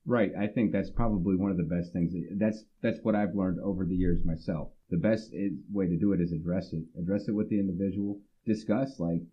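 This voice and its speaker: Low-voiced man on a tinny line. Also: a little fast, few pauses. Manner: earnest and reflective, restarts often, quotes himself in animated asides. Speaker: podcast co-host. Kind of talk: casual podcast discussion.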